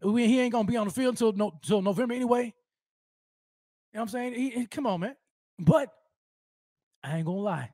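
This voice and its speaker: A man's voice: very high voice, a little fast, long pauses, warm tone, no echo, studio quality. A man hosting a live sports fan show, hyped and rambling, with slangy street talk and lots of repeats.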